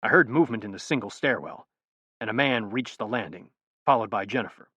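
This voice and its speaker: A man's voice: on the low side, a little fast, sharp tone, breathy edge, dry recording, lo-fi sound. Man reading a thriller in first person. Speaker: audiobook narrator.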